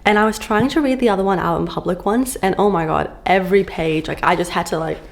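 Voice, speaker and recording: A woman's voice: on the low side, fast, creaky. A woman book vlogger chatting casually to camera, gushing and full of fillers, filmed at home on a camera on a stand.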